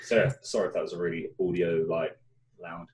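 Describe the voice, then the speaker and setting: A man's voice: low-pitched, brisk, recorded from a distance. A young man, co-hosting a casual chat show and telling a story with lots of swearing. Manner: swears a lot, animated storytelling. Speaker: podcast co-host. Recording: echoey room, away from the mic.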